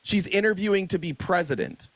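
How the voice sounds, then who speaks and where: A man debating live on a stream, confrontational and relentless, firing the same question again and again. His voice sits high for a man and sounds dry and close. He keeps the pressure on throughout. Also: lively intonation, fairly quick, a bit bright, no room sound.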